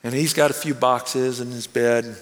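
A man preaching a sermon, telling a personal story in an animated way and acting out the people he quotes. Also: mid-range voice, normal speed. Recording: long reverb of a large hall.

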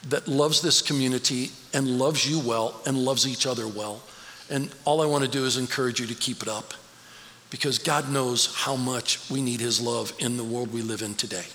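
Bright-voiced man preaching in a reverberant hall. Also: mid-range voice. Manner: conversational, storytelling, emotional at times. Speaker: guest speaker at a church. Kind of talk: personal sermon talk. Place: church sanctuary. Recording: church hall reverb, faint ambience.

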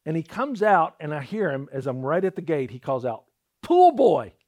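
A man's voice: on the high side, expressive, fairly quick. A man preaching a sermon, telling a personal story and acting out the voices in it, often repeating words as he starts a thought. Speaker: pastor.

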